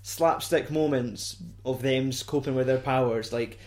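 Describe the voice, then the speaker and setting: A man's voice: mid-range voice, steady tone, measured pace, a little mellow. A young man with a Scottish accent chatting casually, mocking films with dry humour and frequent swearing. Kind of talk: casual chat.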